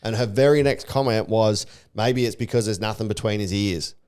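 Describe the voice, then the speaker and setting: Man, podcast co-host, blunt and sweary, smooth clear voice, casual chat. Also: lowish voice, normal speed. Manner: blunt, swears a lot, animated rants.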